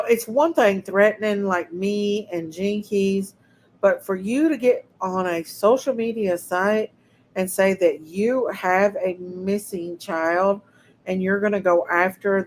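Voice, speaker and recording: A woman's voice: medium pitch, poor audio. A woman hosting a casual livestream, talking to her chat viewers and sounding indignant. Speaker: livestream host.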